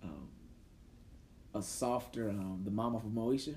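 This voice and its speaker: A man's voice: on the low side, unhurried, crowd noise. A man hosting a podcast in casual chat, playful and laughing often. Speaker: podcast host.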